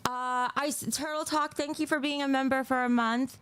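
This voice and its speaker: A woman's voice: sits high, steady tone, normal speed, a bit bright. Nauseous woman streamer, sighing and apologetic. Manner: rambling, apologetic, swears, breaks into awkward giggles. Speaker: livestreamer reading chat donations. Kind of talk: casual livestream chat.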